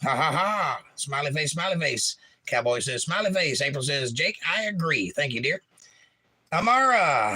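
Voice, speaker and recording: A man's voice: on the high side, sing-song, normal speed, sharp tone, husky. A man hosting a livestream in a casual way, reading viewers' chat messages aloud and adding wry asides. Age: young adult.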